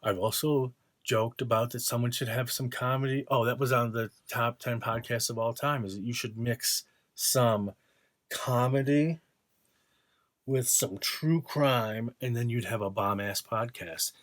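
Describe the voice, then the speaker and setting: A man's voice: medium pitch, a little slow, dry recording. A man vlogging from his art studio, ranting casually in a sarcastic, profane, mocking way. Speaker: vlogger and artist.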